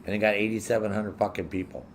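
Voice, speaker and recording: A man's voice: on the low side, fast talker, a little hiss or hum. Profane ranting male streamer. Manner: profane, heavy swearing; animated, indignant. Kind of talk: casual ranting to stream viewers.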